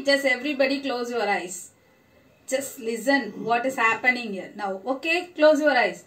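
Woman, primary teacher; high, slow, encouraging delivery for young kids. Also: a bit bright. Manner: slow, encouraging, praising answers. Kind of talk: online lesson for young children.

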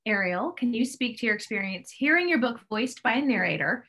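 A middle-aged woman, an author on a video call, telling lively stories and clearing her throat now and then from allergies. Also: fairly high pitch, brisk. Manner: animated storyteller, clears throat often. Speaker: author guest. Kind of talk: casual chat.

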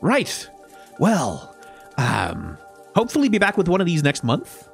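A man's voice: fairly high pitch, wildly swooping pitch, unhurried, vocal fry, soft background music. Nasal man with blocked sinuses. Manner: rambling, self-correcting, swears casually. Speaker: YouTuber answering viewer questions. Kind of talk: casual solo Q&A outro.

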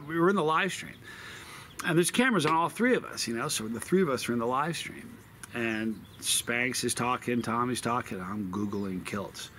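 A man's voice: medium pitch, sharp tone, slight background noise. A man reviewing hot sauce outdoors, talking in a rambling, chatty way with lots of fillers. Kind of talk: casual outdoor video review. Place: outdoors in a desert backyard with birds.

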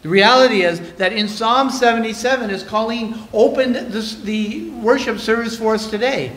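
A man with a Canadian accent preaching a sermon in a church, reading scripture aloud and swinging between loud and soft. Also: extremely high pitch, normal speed. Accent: Canadian English. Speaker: pastor. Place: church sanctuary.

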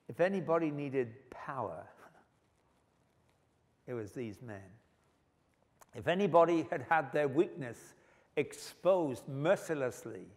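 Man preaching in a reverberant hall. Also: mid-range voice. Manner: animated storytelling with humor. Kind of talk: sermon.

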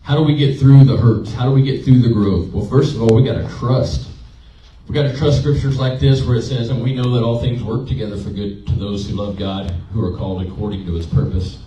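Speaking at medium pitch with a dark tone and fairly even intonation, this pastor moves a little fast through a conversational sermon. He tells emotional personal stories and questions his congregation. Captured in a church sanctuary, the audio sounds roomy, distant, and dull, with a slight hiss or hum.

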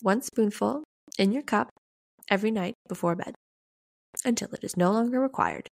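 A woman voicing a mysterious older male tea shop keeper who speaks in a simple, slow monotone, read as part of a storybook. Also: medium pitch, creaky, no echo, studio quality. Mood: flat, cryptic. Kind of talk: storybook reading.

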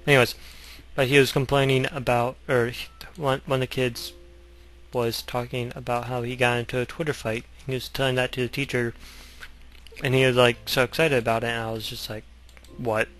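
A man's voice: mid-range voice, flat delivery, brisk, a bit bright, soft background music. A young man rambling through gameplay commentary, goofy and sarcastic, wandering off on joking tangents. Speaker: gaming channel host.

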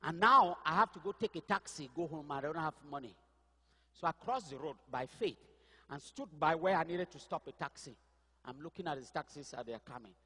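Husky guy from cameroon preaching his testimony, big echoey church, drops quiet then gets loud. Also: a little high, expressive, fairly quick. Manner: storytelling, swings from quiet asides to loud crying out. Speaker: pastor. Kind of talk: sermon testimony.

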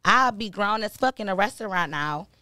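This is a woman in her thirties on a podcast, talking in a blunt, salty and lively way. Her mid-pitched voice sounds close and dry, with no room around it. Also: moderate pace, no echo. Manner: blunt, profane, animated storytelling. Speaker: podcast co-host. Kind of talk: casual chat.

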